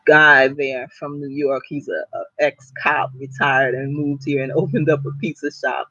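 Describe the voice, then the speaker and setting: A chatty woman from New Jersey recounts everyday stories to her followers, laughing often and pausing on ums. The sound is dry and a bit dull, close with no room around it. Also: deep voice, fairly bright tone, no room sound. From Newark, New Jersey. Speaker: author and vlogger. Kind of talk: casual storytelling to followers.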